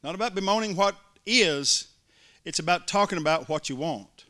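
A man's voice: high voice, moderate pace, pushed and bright. A male preacher, delivering an emphatic sermon to a congregation and mimicking complainers in little voices. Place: church before a congregation.

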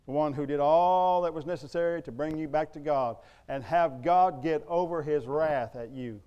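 A man's voice: on the high side, normal speed, warm tone, smooth, highs cut off. A middle-aged man preaching a sermon in a church, emphatic and conversational, full of rhetorical questions. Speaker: pastor.

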